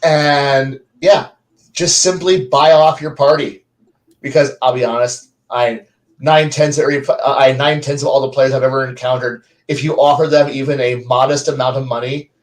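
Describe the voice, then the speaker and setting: A man co-hosting a gaming podcast in casual, rambling, animated chat with many restarts. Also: mid-range voice, moderate pace, rough recording. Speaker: podcast co-host.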